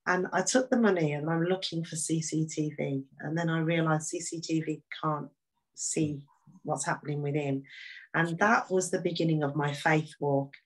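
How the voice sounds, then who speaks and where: Interview guest: woman, low voice, candid and animated testimony. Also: moderate pace, poor audio. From Birmingham, England. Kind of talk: personal faith testimony.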